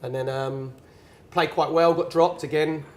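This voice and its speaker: A man's voice: a little high, steady tone, a little slow, slight background noise. A man in his forties, a former footballer as guest, telling stories in an earnest, emphatic way with many restarts. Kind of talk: storytelling in a conversation.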